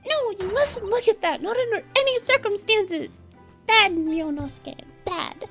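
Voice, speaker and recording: Girl putting on a sweet prim young lady voice, high and bouncy, super polite. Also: expressive, normal speed, faint music behind. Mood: scolding. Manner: prim, courteous, scolding lightly. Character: polite, gentle young woman assistant. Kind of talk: voicing game dialogue live.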